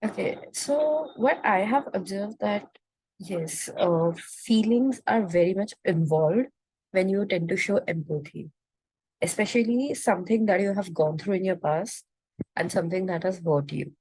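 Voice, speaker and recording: A woman taking part in an online empathy circle, explaining her view in a measured way. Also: medium pitch, warm tone, slightly rough, no echo, rough recording. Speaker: circle participant. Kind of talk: casual online group discussion. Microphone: video call.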